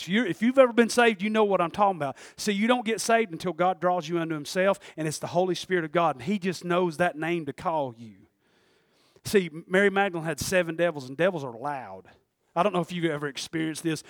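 Male pastor, high voice, folksy and animated, dry close sound. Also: fairly quick, no echo. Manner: folksy, animated, swings between loud and hushed. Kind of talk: sermon.

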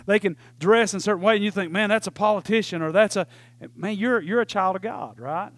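A man's voice: sits high, fairly quick, dry recording. A man preaching a sermon, telling folksy stories with lots of "right?" asides.

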